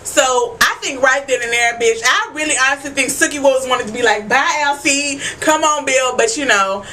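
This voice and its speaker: Young woman, fairly high voice, bright and forceful tone, chatty profane recap vlog. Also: brisk, slight background noise. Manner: chatty and profane, keeps asking "you know what I'm saying". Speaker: TV recap vlogger. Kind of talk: casual TV episode recap.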